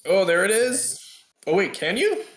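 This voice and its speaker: A man's voice: high-pitched, big pitch swings, a little slow, fairly bright tone, reverberant. A man running a tabletop game as game master, checking rules and asking his players questions.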